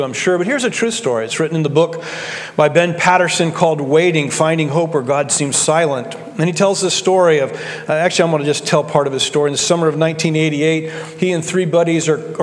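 Preacher with a long hall echo. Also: male voice, fairly high pitch. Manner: folksy storytelling with slow, deliberate emphasis. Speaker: pastor. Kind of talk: sermon.

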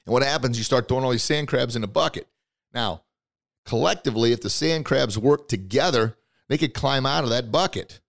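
A man hosting a podcast, giving a motivational talk with emphatic storytelling and acted-out quotes, swinging between loud bursts and quiet asides. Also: medium pitch, brisk, creaky. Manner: storytelling, emphatic and preachy, acts out quoted characters. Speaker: podcast host and motivational speaker.

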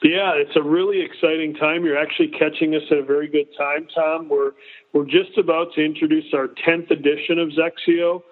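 A man's voice: a little high, fairly even intonation, brisk. A man in his fifties, a guest on a casual interview, explaining at length with frequent restarts. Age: 50s. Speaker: golf company executive guest. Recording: tinny phone line.

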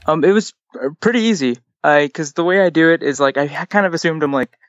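A man's voice: on the high side, fast talker, no room sound. A young man answering interview questions about his comic, rambling and hesitant with lots of "like". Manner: rambling, hesitant, heavy use of "like". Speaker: comic writer guest. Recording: dull lo-fi audio.

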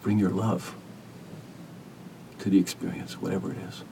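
Gravelly, low-voiced man telling a story. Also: little pitch movement, recorded from a distance, a little hiss or hum. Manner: earnest, gentle, measured storytelling. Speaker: hospice caregiver, podcast guest. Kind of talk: reflective storytelling interview.

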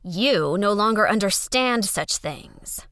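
A woman voicing an irritable male giant larva scientist who barks curt, loud lines. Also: mid-range voice, animated, slow, no room sound, studio quality.

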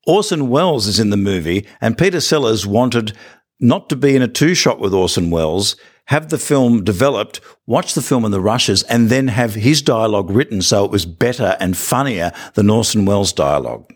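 A man's voice: on the low side, lively intonation, moderate pace, slightly rough. An Australian man hosting a comedy podcast, eagerly telling stories and setting up jokes for his co-host. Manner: enthusiastic storytelling, feeds setups to his partner.

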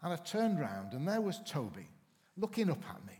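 A man's voice: a little high, big pitch swings, moderate pace, darkish tone. A man preaching a sermon as pastor, telling anecdotes and acting out voices. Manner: storytelling, acts out voices in anecdotes. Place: church hall. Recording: reverberant church hall.

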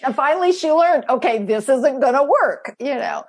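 A woman's voice: high-pitched, expressive, normal speed. A middle-aged woman hosting a podcast, chatting casually and telling family stories with frequent laughs. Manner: chatty storyteller, laughs often, mimics her own past exclamations. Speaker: podcast host. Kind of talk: casual chat.

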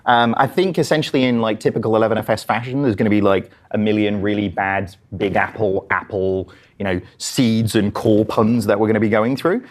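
A man's voice: lowish voice, steady tone, a little fast. A man with an English accent, co-hosting a live show, chatty and self-deprecating. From England. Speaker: co-host. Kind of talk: live stage banter.

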